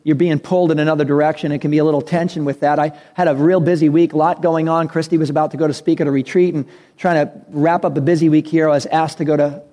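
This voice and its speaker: Mellow-voiced male pastor preaching. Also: fairly high pitch, flat delivery, fast. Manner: conversational, acts out dialogue in his stories. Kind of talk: sermon with personal story.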